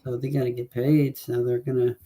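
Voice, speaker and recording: A man's voice: medium pitch, flat delivery, brisk, warm tone. A man co-hosting a casual fight predictions show, rambling through stats and checking numbers aloud with plenty of fillers. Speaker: podcast co-host.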